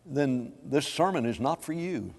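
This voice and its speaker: A man preaching a sermon to a congregation, swinging between hushed lines and loud, drawn-out emphasis. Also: mid-range voice, expressive. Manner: dramatic swings from soft to loud, slow emphatic phrasing. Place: church sanctuary. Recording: long hall reverb.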